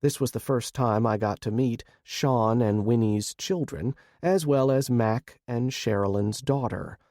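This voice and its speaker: Male narrator, mellow dark tone, dry booth, steady first-person audiobook read. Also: medium pitch, a little slow, dry recording.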